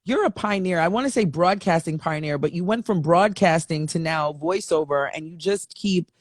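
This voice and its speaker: A woman's voice: fairly low pitch, normal speed, no echo. Woman host gushing over her guest, long winding questions, dead dry mic sound. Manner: admiring, rambling questions. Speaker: podcast host. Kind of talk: interview questions.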